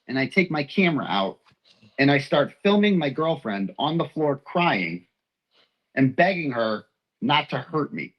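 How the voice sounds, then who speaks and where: A man from texas venting on his livestream, all rambling and cussing, hurt and heated, voice sitting right in the middle of the range for a guy, mid-pitched and easy to follow, no polish to it at all, just raw and worked up. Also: lively intonation, a little slow, muffled recording. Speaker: livestream host. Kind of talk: emotional livestream rant.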